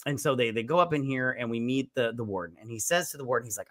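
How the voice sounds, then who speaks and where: A man's voice: medium pitch, fast talker, fairly bright tone. A man co-hosting a casual movie podcast, rambling through the plot, swearing and laughing as he quotes the characters. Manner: rambling, retells scenes in quoted voices, swears, laughs often. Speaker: podcast co-host. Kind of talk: casual drunk movie recap.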